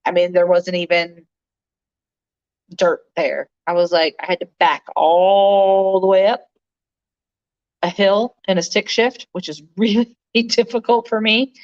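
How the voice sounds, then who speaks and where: A woman's voice: on the low side, steady tone, measured pace. A woman hosting a livestream, chatting casually with viewers in a rambling way, full of fillers and laughs, recorded on a phone. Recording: dull lo-fi phone audio.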